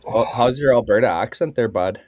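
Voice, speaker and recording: A man's voice: mid-range voice, a little fast, a little mellow, a little hiss or hum. A man with a Canadian accent hosting a podcast, laid-back and slangy in casual chat. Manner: laid-back, slangy, calls people dude and bud. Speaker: podcast host.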